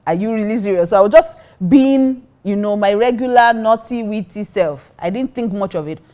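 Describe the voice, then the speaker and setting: A middle-aged woman with a Nigerian accent, a pastor and co-host, telling a story in a lively way and acting out the quotes. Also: fairly high pitch, moderate pace. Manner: lively, acts out quotes, mixes in Pidgin. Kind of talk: casual storytelling chat.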